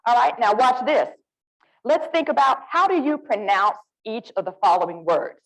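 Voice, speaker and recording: A woman with an Alabama Southern accent, leading a lively, interactive literacy workshop and coaxing the audience to join in. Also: a little high, normal speed, vocal fry, poor audio. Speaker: literacy presenter.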